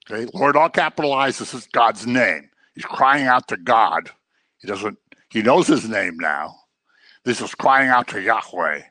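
A man teaches a casual Bible class in a mid-range voice at a normal speed, on a dry recording. He's animated, acting out quotes in different voices and joking with his class.

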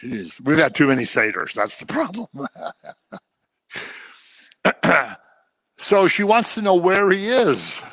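Man, preacher, bright forceful voice, chatty Bible teaching, dry close sound. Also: fairly high pitch, big pitch swings, takes it slowly, long pauses, breathy edge, no echo. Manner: storytelling, acting out the people he quotes; informal, with fillers and restarts.

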